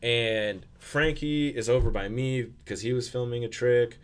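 A man's voice: medium pitch, a little slow, clear, resonant tone. A young man telling a rambling, profanity-laden story in casual podcast chat, with lots of fillers and restarts.

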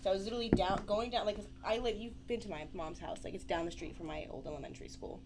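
A woman's voice: mid-range voice, quick pace, heavy background noise. A young adult woman telling stories in a casual podcast chat. She rambles, swears, and fills her talk with "like". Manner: rambling, profane, filler-heavy storytelling.

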